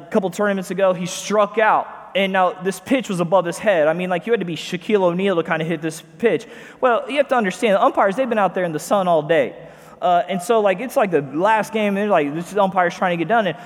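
Male pastor, high voice, conversational sermon style with emphatic slowdowns, reverberant sanctuary sound. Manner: conversational preaching with asides and emphatic slowed phrases.

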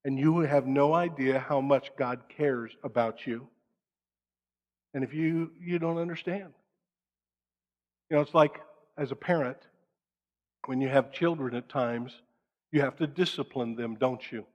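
A middle-aged man preaching a sermon, shifting between raised, acted-out prayers and a quiet hush. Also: medium pitch, measured pace, pauses often, dull audio. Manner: dramatic, acts out prayers and quotes in raised voices, drops to soft hush. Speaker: pastor. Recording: long hall reverb.

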